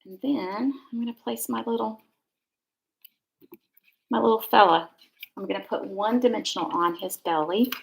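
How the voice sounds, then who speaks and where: On a rough recording, a middle-aged Georgia woman makes cards live on stream, casually chatting and wandering into warm asides. Her voice is a little high with vocal fry, her pace normal, and she pauses often.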